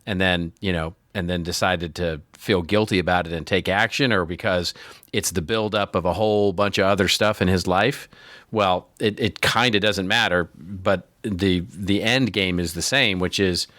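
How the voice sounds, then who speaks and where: A man's voice: deep voice, fairly even intonation, moderate pace, a bit bright, dry recording. A man co-hosting a marketing podcast, talking casually with frequent restarts and fillers. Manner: chatty, lots of restarts and fillers. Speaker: podcast co-host. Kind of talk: casual chat.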